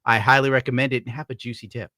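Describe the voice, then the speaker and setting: Brief: male streamer, bright forward tone, dry close mic, swears freely, rambles and jokes between donation reads. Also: mid-range voice, level tone, very fast, dry recording. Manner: profane, rambling, jokey. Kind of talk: casual live-stream chat.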